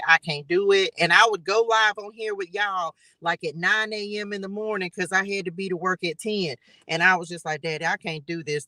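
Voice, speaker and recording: Man, tarot reader on a live stream; high, bright voice; chatty, sermon-like, talks straight to viewers. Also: no room sound, low-quality recording. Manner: chatty, preachy, keeps addressing viewers as y'all and baby. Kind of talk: live spiritual tarot reading.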